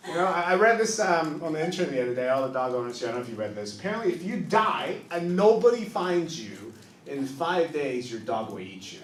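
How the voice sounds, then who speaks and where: Lively comedian in his thirties. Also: fairly high pitch, a little fast, far from the mic, noisy background. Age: 30s. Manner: animated storytelling with acted-out quotes. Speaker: stand-up comedian. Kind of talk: stand-up comedy set. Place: comedy club stage. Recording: roomy club recording heard from off-mic with crowd. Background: audience laughter.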